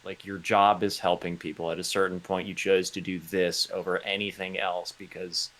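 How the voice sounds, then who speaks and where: Deep-voiced man in casual stream chat. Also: moderate pace. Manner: animated, stumbles and restarts. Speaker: podcast co-host.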